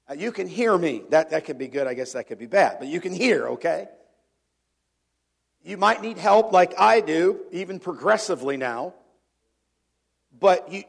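A middle-aged man with a notably high speaking voice preaches a sermon in church. He talks conversationally, throws questions out to the congregation and often repeats words as he finds his way. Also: creaky. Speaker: pastor.

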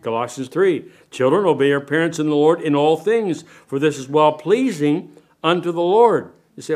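Older man, sermon preacher, slightly higher voice, animated and questioning the congregation. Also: moderate pace. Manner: animated preaching, asks the room questions, varies loudness a lot. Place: church sanctuary.

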